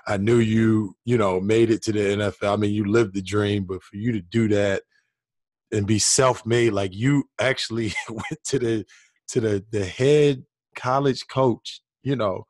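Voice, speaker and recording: Low-voiced friendly male host. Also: steady tone, unhurried, a little mellow, dry recording. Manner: friendly, keeps affirming the guest. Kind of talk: casual interview chat.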